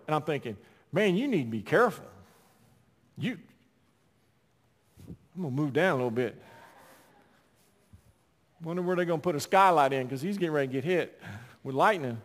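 A pastor preaches to his congregation, his voice sitting a little high for a man. He rises to loud, emphatic cries and drops back to hushed storytelling. A long reverb trails his words through the hall. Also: expressive, a little fast, pauses often. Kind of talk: sermon.

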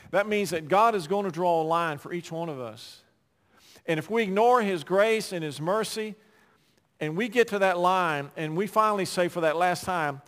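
A man pastor delivers a sermon in a voice a little higher than most men's. He builds to loud, emphatic declarations, then drops to hushed, conversational storytelling. The sound rings out with the long reverb of a large hall. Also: expressive, moderate pace. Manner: preaching with swings from loud emphasis to quiet asides.

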